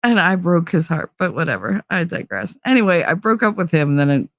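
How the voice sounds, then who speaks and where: A woman's voice: lowish voice, expressive, a little fast, dry recording. A woman, hosting a podcast and telling a rambling, profane story, laughing as she goes. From New Jersey. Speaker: podcast host. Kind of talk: casual storytelling chat.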